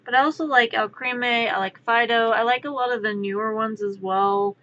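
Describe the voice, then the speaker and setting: A young woman streamer chatting casually, rambling into animated storytelling. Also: a little high, fairly quick, lo-fi sound. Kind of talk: casual chat while drawing. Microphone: streaming mic.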